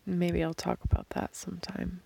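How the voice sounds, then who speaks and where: A hoarse woman thinking aloud in a slow, halting voice diary, recorded on a phone held above her face while she lies outdoors at night. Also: fairly low pitch, flat delivery, dark tone. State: hoarse from screaming and crying. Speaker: podcast host. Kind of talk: reflective solo voice diary. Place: outdoors in the desert at night, lying under blankets.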